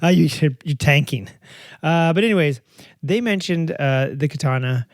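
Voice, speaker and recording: A man's voice: on the high side, moderate pace, no echo, clean studio sound. A middle-aged man hosting a podcast in a casual, rambling monologue, joking and poking fun at himself, with many fillers and restarts. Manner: joking, self-mocking, lots of fillers and restarts. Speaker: podcast host.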